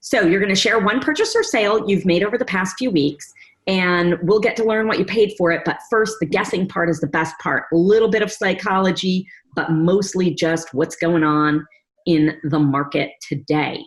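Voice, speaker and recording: A woman's voice: lowish voice, moderate pace. Upbeat woman hosting a talk show. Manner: upbeat, chatty presenter. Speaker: host and executive producer.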